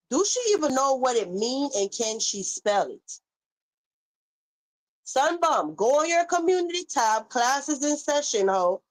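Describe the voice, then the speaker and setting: A woman's voice: a little high, poor audio. Sassy Caribbean woman ranting on a live stream. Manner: sassy, scolding, talks straight to chat. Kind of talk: heated live-stream rant reading chat. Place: home.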